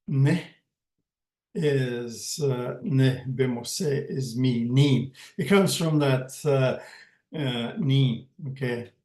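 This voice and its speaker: A man teaching a language lesson in a slow, patient way, repeating each word and checking in with "okay" as he goes. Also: mid-range voice, darkish tone, roomy sound.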